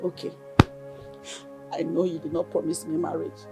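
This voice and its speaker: A woman's voice: low voice, flat delivery, normal speed, gravelly, loud music behind the voice. A woman with a Nigerian English accent playing a scheming widow, insistent and obsessive.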